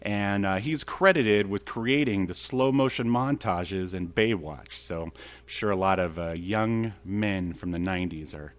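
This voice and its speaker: A man's voice: deep voice, a little slow. A man hosting a podcast, talking casually and jokily with many fillers. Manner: jokey, filler-heavy. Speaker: podcast host.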